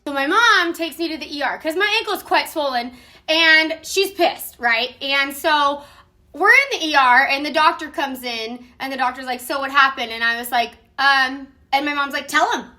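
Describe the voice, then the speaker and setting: Bright, high-voiced woman telling a story. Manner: animated, swearing, laughing through the story. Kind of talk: casual story time.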